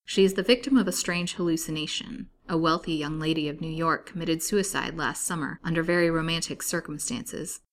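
This is a cold, businesslike male doctor in a storybook reading, as a woman narrator puts him on. He gives his instructions abruptly, in a fairly low voice. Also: a little fast, hardly any pauses, a little hiss or hum. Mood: brisk. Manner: abrupt, clinical. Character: stern male asylum doctor, brisk and cool.

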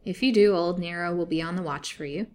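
A croaking old jailer woman, spiteful and grim, as a woman reads her in a storybook. The voice sits low for a woman, with a soft hiss of noise under it. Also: fast, lightly acted. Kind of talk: storybook reading.

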